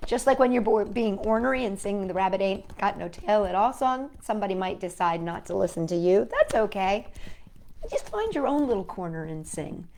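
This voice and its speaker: Animated woman reading to children. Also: mid-range voice, brisk. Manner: expressive, gentle, child-directed. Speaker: children's storytime host. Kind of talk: storybook read-aloud.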